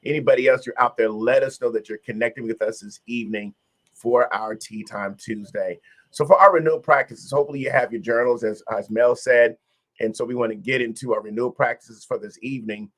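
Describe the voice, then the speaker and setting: A man's voice: medium pitch, steady tone, brisk. Encouraging man hosting a wellness stream. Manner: encouraging, repetitive phrasing, addresses viewers directly. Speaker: host of a wellness session. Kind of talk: livestream wellness talk.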